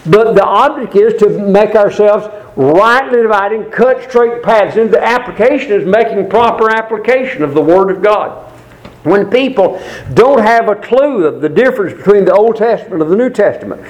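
Earnest high-voiced male preacher. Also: animated, rough recording. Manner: earnest, emphatic preaching with rhetorical questions; reads scripture aloud slowly and deliberately. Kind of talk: sermon.

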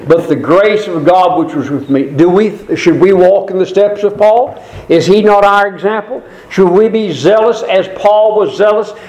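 Earnest high-voiced male preacher. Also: darkish tone, rough recording. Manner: earnest, emphatic preaching with rhetorical questions; reads scripture aloud slowly and deliberately. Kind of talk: sermon.

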